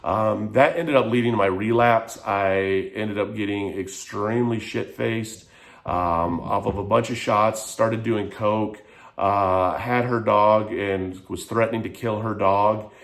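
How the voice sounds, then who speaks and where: A man's voice: fairly low pitch, fairly even intonation, measured pace, a bit bright. A man frankly telling a personal story in a vlog, emotional and rambling, with lots of "like". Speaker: vlogger.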